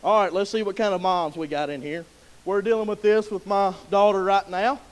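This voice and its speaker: A man preaching a sermon in a church, folksy and conversational, rising to loud emotional pleading. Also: sits high, fairly even intonation, brisk, low-quality recording. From Southern US. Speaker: pastor. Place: church sanctuary.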